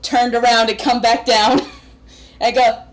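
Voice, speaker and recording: A woman's voice: fairly high pitch, little pitch movement, takes it slowly, slight background noise. A woman narrating a tabletop game as game master, casual and giggly, with lots of fillers.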